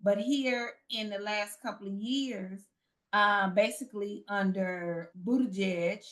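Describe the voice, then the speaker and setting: A woman from Chicago, a recruitment founder, speaking as a podcast guest in earnest, halting casual chat. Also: medium pitch. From Chicago, United States.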